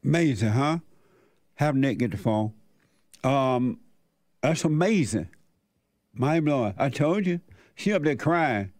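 A man's voice: mid-range voice, animated, slow pace, long pauses, darkish tone, no room sound, studio quality. An older man hosting a radio talk show, preaching his opinions in an emphatic, repetitive way.

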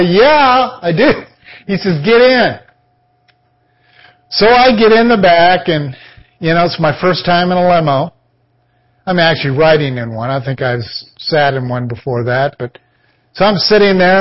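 Guy on a lo-fi podcast telling his testimony, highish voice, acts out everybody he quotes. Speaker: podcast preacher. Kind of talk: storytelling testimony.

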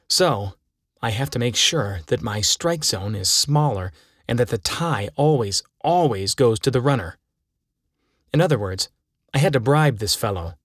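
A man narrating a humorous short story aloud in a deadpan, wry manner. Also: mid-range voice, no room sound, studio quality.

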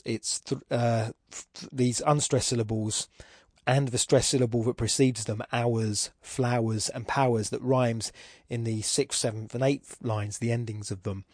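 A man's voice: mid-range voice, a little mellow, no echo, studio quality. A man with an Irish accent hosting a podcast, talking through a poem's form casually and thinking aloud with frequent restarts. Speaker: podcast host. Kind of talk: casual spoken poetry analysis.

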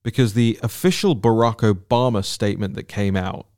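A man with a fairly low voice hosts a political commentary podcast on his own, in an indignant and emphatic tone. He often repeats words for stress as he builds his case. The sound is dry and close, with no room echo. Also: moderate pace, a little mellow.

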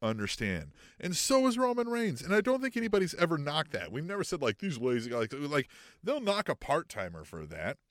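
Animated high-voiced podcast man. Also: fairly quick, hardly any pauses, dry recording, clean studio sound. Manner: animated, swears often, acts out quotes in mocking high voices. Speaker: podcast co-host. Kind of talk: casual wrestling podcast chat.

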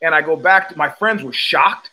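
An older man with a New York accent hosts a casual livestream monologue, his voice a little high and his pace moderate. He tells stories bluntly and with swagger, animated and profane, often restarting his sentences.

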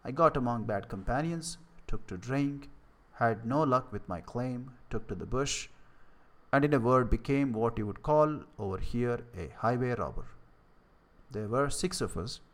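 Man voicing a weary old dying man, grave and confessional, steady unhurried delivery, mid-pitched voice. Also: close to an everyday voice.

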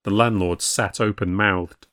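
A man narrating a ghost story in a measured storytelling way for a podcast. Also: on the low side, steady tone, a bit bright, no room sound, studio quality.

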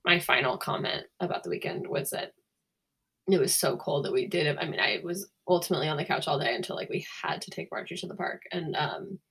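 Animated young woman telling a story. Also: low-pitched, brisk, breathy edge. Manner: animated storytelling, acts out quotes. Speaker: podcast co-host. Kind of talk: casual chat.

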